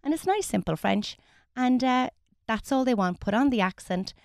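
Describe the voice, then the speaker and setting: A woman's voice: fairly high pitch, lively intonation, normal speed, vocal fry, no room sound, clean studio sound. An Irish woman teaching French phrases on the radio, explaining patiently and modelling the pronunciation. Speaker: French tutor.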